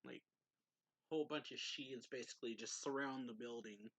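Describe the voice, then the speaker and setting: A man's voice: mid-range voice, moderate pace, a bit bright, poor audio. A man casually recapping a manga chapter in a rambling way, full of fillers and reading quoted lines aloud. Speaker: manga reviewer.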